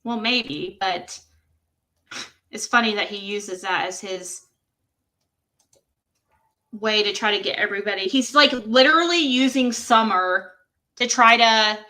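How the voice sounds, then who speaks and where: A woman's voice: medium pitch, unhurried, pauses often, pushed and bright. A woman hosting a livestream, reading text messages aloud and reacting to them with exclamations and laughter. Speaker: livestream host.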